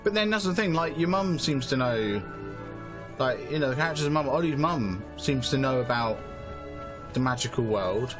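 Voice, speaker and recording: A man's voice: mid-range voice, expressive, moderate pace, music in the background. A man casually commenting on a game he is playing, musing and thinking aloud. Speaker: gamer streaming a playthrough.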